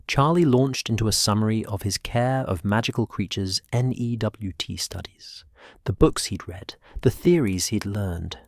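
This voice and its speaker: Soft-spoken low male sleep-story narrator. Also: no echo, studio quality. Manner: slow, soft, partly whispered.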